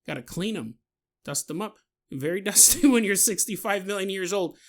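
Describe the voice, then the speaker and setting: A man's voice: sits high, lively intonation, normal speed. A man hosting a podcast, telling a story in a comedic, jokey way and laughing at his own asides. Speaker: podcast host.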